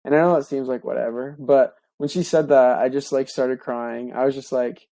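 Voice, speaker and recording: A young man, a podcast co-host, telling a heartfelt personal story in a casual, halting way with many fillers and restarts. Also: mid-range voice, fairly even intonation, dark tone, no echo.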